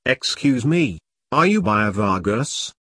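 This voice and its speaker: A man's voice: mid-range voice, sing-song, slow, a bit bright, slightly rough, no echo, clean studio sound, full character voice. A man voicing a blunt, loyal army friend who talks in a plain-spoken way.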